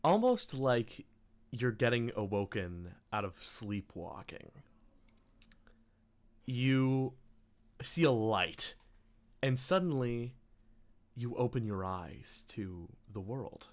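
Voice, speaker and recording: A man's voice: mid-range voice, animated, slow pace, pauses often. A man narrating a tabletop game as game master, often laughing between lines.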